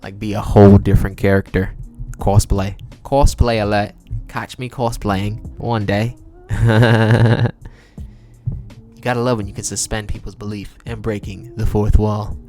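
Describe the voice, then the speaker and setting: A man's voice: fairly low pitch, steady tone, measured pace, long pauses, a little mellow, soft background music. A man hosting his own podcast, talking in a laid-back, chatty way with slang and frequent laughs. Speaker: podcast host and singer. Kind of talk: casual solo podcast monologue.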